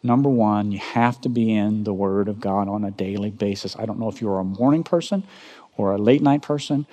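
A male pastor delivering a dramatic sermon, asking rhetorical questions and swinging between loud emphatic bursts and low, quiet lines. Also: fairly quick. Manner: asks the congregation rhetorical questions. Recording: long reverb of a large hall.

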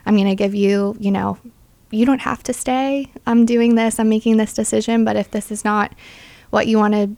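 A woman's voice: medium pitch, little pitch movement, normal speed, vocal fry, dark tone, no room sound. A young adult woman sharing a personal faith testimony as an interview guest, earnest and full of "like" fillers.

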